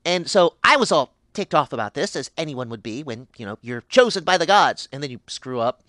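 A man's voice: animated, fairly quick, bright, forceful tone, dry recording. A man doing a manic ancient pixie. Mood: giddy rambling. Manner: rambling, giddy, sudden high squeals. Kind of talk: character monologue for fan animation.

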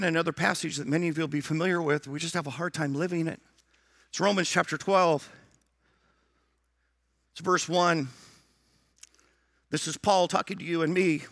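A man's voice: high voice, a bit bright, no echo, clean studio sound. A middle-aged man preaching a sermon as pastor, emphatic, repeating his phrases and acting out prayers and dialogue.

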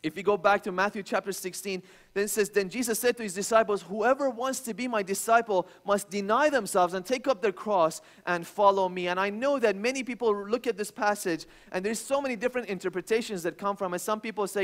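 A man in his thirties, a pastor preaching a sermon, telling stories with many restarts and rising to loud, emphatic bursts. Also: high voice, a little fast, few pauses.

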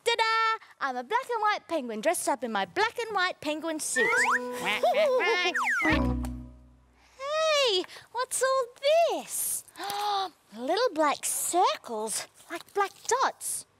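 A young woman hosts a children's show in a very high, lively voice that swoops up and down as she sings. She talks slowly and plays with silly animal sounds. Loud cheerful kids' music plays under her. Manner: animated, sing-song, makes playful animal noises. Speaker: children's TV presenter. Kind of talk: playful children's show presenting and singing.

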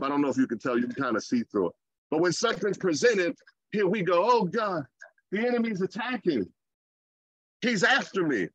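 A man preaching a sermon in a lively, conversational way, with playful asides. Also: sits high, dry recording.

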